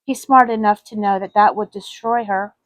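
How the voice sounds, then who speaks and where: A woman author reads her own sad story in a soft, earnest voice of ordinary pitch. The recording is dry and close, with no room around it. Her delivery stays gentle and sincere throughout. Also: fairly even intonation, moderate pace, no room sound, poor audio. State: voice cracking with emotion. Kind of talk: emotional story reading.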